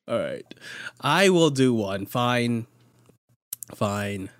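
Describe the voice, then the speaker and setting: A woman's voice: extremely low pitch, animated, very slow, dry recording, clean studio sound. A young woman hosting a casual chat, playful and teasing, laughing often. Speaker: host.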